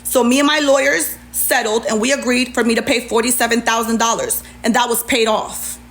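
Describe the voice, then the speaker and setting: A woman's voice: on the high side, fairly even intonation, brisk, a bit bright. A woman ranting on a livestream, sassy and indignant as she reads out messages and answers back.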